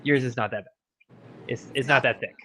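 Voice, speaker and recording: A man's voice: mid-range voice, brisk, bright, forceful tone, a little hiss or hum. A man co-hosting a podcast, telling a chatty anecdote. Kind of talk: casual podcast chat. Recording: slightly muffled audio.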